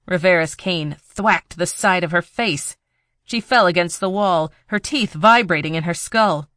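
A narrator reads a tense thriller audiobook in a steady storytelling voice. The medium-pitched, unhurried delivery is recorded on a close mic with no echo.

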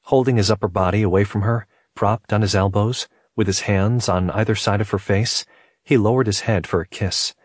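A man reading a romance novel aloud as narrator, calm and even. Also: fairly low pitch, moderate pace, husky, no room sound, studio quality. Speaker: audiobook narrator.

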